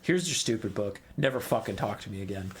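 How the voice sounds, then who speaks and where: A man's voice: on the low side, lively intonation, fast talker, a little hiss or hum, voice pushed down, natural voice. A man doing a weary, contemptuous elf mage. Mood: disdainful weary. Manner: contemptuous, tired, dismissive. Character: arrogant, weary, ancient high elf mage.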